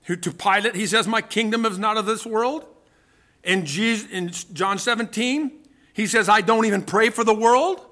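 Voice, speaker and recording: A man's voice: sits high, normal speed, sharp tone. A man preaching a sermon to his congregation, emphatic and full of rhetorical questions. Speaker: pastor.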